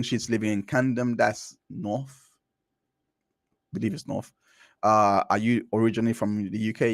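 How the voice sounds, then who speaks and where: A man's voice: fairly low pitch, a little mellow, no echo, studio quality. A man hosting a live stream, reading through a court transcript and commenting in a casual, rambling way with many restarts. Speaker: stream host.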